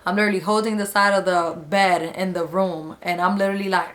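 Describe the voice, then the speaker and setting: A woman's voice: on the low side, fairly even intonation, fairly quick, hardly any pauses, fairly bright tone. A woman vlogger casually telling a story to a nearby camera, chatty and slangy, acting out the people she quotes. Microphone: camera close to her.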